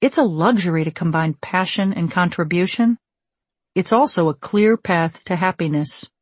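A woman narrating a memoir audiobook in a measured, wry storytelling manner, recorded on a studio microphone. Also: fairly low pitch, husky, no room sound.

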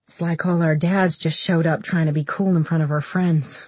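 A woman's voice: low-pitched, fairly even intonation, normal speed, darkish tone, breathy edge, no room sound. A woman voicing a sarcastic young female friend with a wry, teasing manner. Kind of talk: audiobook character voice.

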